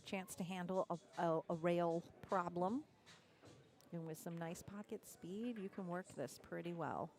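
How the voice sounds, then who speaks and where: Measured woman commentating pool. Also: fairly low pitch, darkish tone. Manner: analytical, measured, dry humor. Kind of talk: live sports commentary. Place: pool hall.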